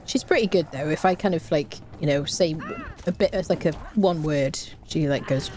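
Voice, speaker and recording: A woman with a low, warm voice streams a game live, chatting casually with her viewers and humming little tunes to herself. She speaks at a normal speed with few pauses, and there's a slight hiss or hum in the audio.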